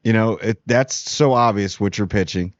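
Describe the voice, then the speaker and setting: A man from New Jersey hosting a casual spoiler review of a TV show, talking bluntly with frequent restarts and animated jumps. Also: fairly low pitch, moderate pace, dry recording, muffled recording. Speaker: TV review host.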